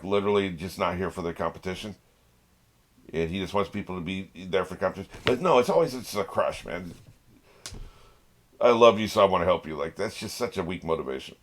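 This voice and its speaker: A man hosting an anime reaction video, chatting casually, laughing often and talking back to the screen. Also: deep voice. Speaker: anime reaction channel host.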